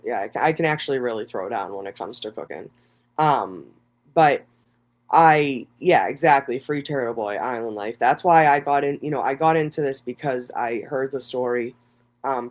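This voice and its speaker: Streamer voice, candid and emotional, rambling with lots of swearing; ordinary middle pitch. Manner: many fillers and restarts. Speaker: content creator. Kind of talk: livestream monologue.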